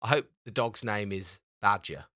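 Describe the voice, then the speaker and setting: A man's voice: lowish voice, moderate pace, dry recording, studio quality. A man hosting a casual podcast, quizzing his co-host and reading out messages with joking asides. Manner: lively, quizzing, joking interjections. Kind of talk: casual chat.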